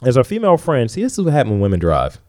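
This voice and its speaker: Male podcast co-host, crude casual chat, very lively pitch, stumbles reading aloud. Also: racing.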